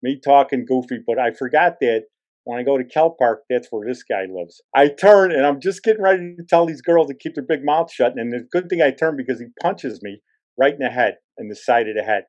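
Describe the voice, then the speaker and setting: A man's voice: medium pitch, fairly quick, muffled recording. A man in his sixties, a podcast host, casually telling an anecdote and acting out the other people's lines. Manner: animated, acts out others' lines.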